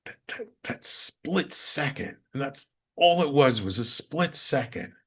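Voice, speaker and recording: A man's voice: medium pitch, expressive, a little slow, slightly rough. A male radio host telling a personal spiritual story in an earnest, reflective way, repeating phrases for emphasis.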